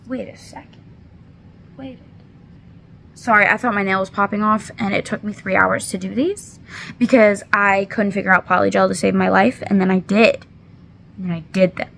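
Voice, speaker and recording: A woman's voice: mid-range voice, fairly even intonation, normal speed, vocal fry, fairly bright tone, a little hiss or hum. A woman in her twenties casually recapping a book in a chatty, rambling, apologetic way, with many fillers, holding back tears. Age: 20s. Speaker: book reviewer.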